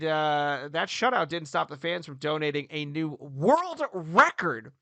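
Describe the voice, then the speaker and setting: A man in his thirties co-hosting a casual hockey podcast, joking and animated, swinging between loud bursts and quiet asides. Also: a little high, dry recording. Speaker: podcast co-host, hockey coach. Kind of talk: casual sports podcast chat.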